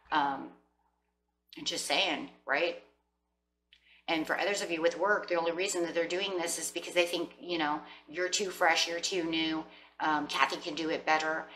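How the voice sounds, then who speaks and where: A woman's voice: sits low, fairly bright tone, reverberant, far from the mic, a little hiss or hum. A woman giving a casual tarot reading, talking to her viewers in a chatty, rambling way. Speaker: tarot reader.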